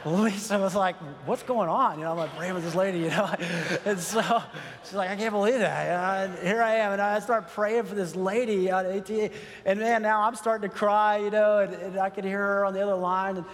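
A middle-aged pastor tells a personal story in a sermon, earnest at first and building to emphatic preaching. His high voice is steady and a little fast, with long hall reverb in the recording.

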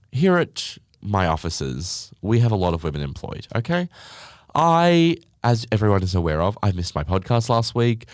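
A young man hosting a casual podcast in a sarcastic, exasperated rant full of swearing. His fairly low voice swings all over the place. The sound is dry and close. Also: no echo. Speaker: podcast host.

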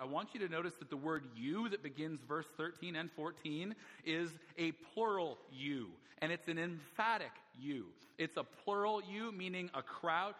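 A man's voice: fairly high pitch, fairly bright tone. A man preaching a sermon as a pastor, stressing key phrases by repeating them. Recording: long hall reverb.

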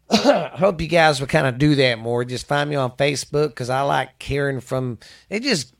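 A man's voice: mid-range voice, animated, a little slow, creaky. A man from Texas hosting a casual podcast, rambling, swearing and restarting sentences. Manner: rambling, profane, restarts often. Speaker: podcast host.

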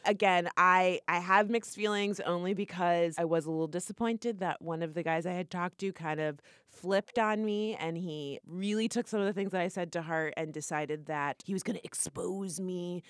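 A woman co-hosting a podcast in casual chat, animated and laughing, her voice jumping high when she gets excited. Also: normal speed, hardly any pauses, clean tone, dry recording, clean studio sound. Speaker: podcast co-host.

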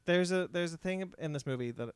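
A man's voice: a little high, a little fast, clear, resonant tone, no echo. A young man hosting a podcast in casual chat, hesitant and full of ums. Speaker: podcast host.

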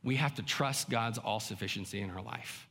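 A man's voice: lowish voice, moderate pace, gravelly, a bit bright, breathy edge. A male pastor preaching a sermon in a conversational way, often acting out the inner voices of his listeners. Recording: long hall reverb.

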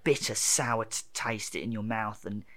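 A man's voice: on the low side, steady tone, unhurried, a crowd in the background. A young man ranting in casual chat, swearing freely and acting out quotes.

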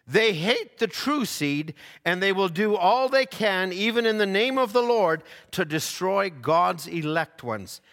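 A man's voice: high-pitched, expressive, a little slow, hardly any pauses, fairly bright tone, big-room sound. A man preaching a sermon in a fervent way, often stumbling over restarts and repeated words.

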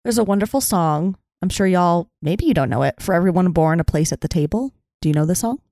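A woman who is a Methodist pastor co-hosting a podcast, speaking earnestly in a measured, heartfelt cadence. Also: on the low side, expressive, dark tone, no room sound, clean studio sound. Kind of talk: casual chat turning into heartfelt blessing.

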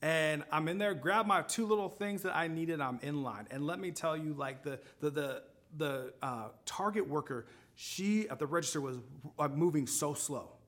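Male preacher, conversational sermon storyteller, slightly raised pitch. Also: normal speed, a bit bright. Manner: conversational storytelling with frequent restarts.

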